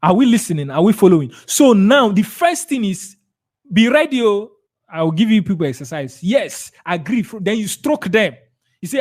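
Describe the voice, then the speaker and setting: A man with a Nigerian accent coaches a room on closing sales. He is emphatic, drills key words again and again, and acts out little dialogues with clients. His voice sits a bit higher than most men's. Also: very animated, normal speed, darkish tone. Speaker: sales trainer. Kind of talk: live sales training talk.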